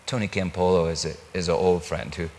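A male pastor telling a story in a sermon, animated and acting out the dialogue. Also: deep voice, fairly quick, a little hiss or hum. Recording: long reverb in a large hall.

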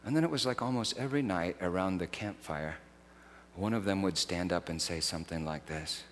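A man preaching a sermon, swinging from hushed, slow phrases to loud, soaring outbursts. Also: low voice, big-room sound.

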